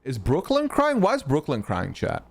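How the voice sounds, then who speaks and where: A man's voice: fairly high pitch, wildly swooping pitch, moderate pace, gravelly. Chatty young Canadian man streaming. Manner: chatty, answers chat, swears and teases trolls. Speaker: streamer host. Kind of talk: casual live-stream chat.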